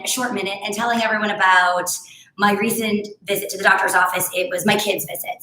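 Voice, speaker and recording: A woman's voice: medium pitch, bright, forceful tone, roomy sound, poor audio. A woman in her thirties teaching a home barre workout, chatting through stories between exercise cues. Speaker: barre instructor. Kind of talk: live home workout class cueing.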